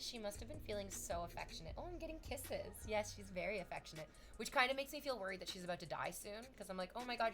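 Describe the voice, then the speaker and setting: A young woman streamer from Canada chatting casually with her viewers, telling stories with lively acted-out voices. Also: medium pitch. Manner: animated storytelling, acts out voices.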